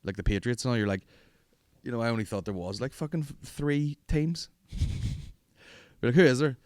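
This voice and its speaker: A man's voice: medium pitch, expressive, moderate pace, a little mellow, no echo, studio quality. A man, hosting a podcast in rambling, profane, jokey casual chat. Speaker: podcast host.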